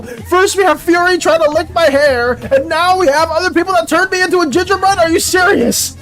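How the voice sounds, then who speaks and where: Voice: very high-pitched, fairly quick, few pauses, a bit bright, faint music behind. An art streamer chatting casually with viewers during a live stream, full of playful mock outrage and chatty filler.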